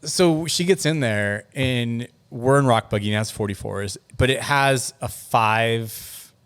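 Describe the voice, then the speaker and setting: A man in a casual interview chat, spinning off-road stories quickly and excitedly. He piles on fillers as he talks. His voice sits at an ordinary middle pitch. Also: clean tone. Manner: rapid, animated storytelling with many fillers. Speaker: guest, car builder.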